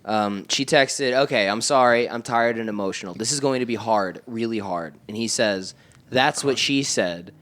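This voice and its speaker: A man's voice: fairly low pitch, normal speed, hardly any pauses, fairly bright tone. A man co-hosting a casual comedy podcast, reading text messages aloud and breaking off to mock them, often laughing.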